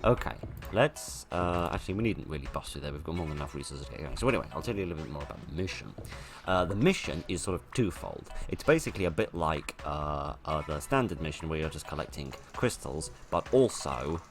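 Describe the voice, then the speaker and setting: A man's voice: very deep voice, expressive, fast, music in the background. A man giving casual gameplay commentary, chatty and self-deprecating, rambling as he plays. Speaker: let's play host.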